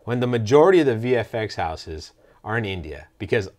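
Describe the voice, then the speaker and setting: A man's voice: lowish voice, big pitch swings, brisk, darkish tone. A man co-hosting a casual movie review, easygoing and sarcastic. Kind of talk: casual chat.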